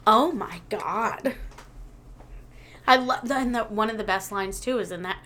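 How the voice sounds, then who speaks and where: A woman in her thirties chatting casually as a podcast co-host, telling animated stories, laughing often and swearing freely. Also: medium pitch, measured pace, slight background noise. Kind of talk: casual chat.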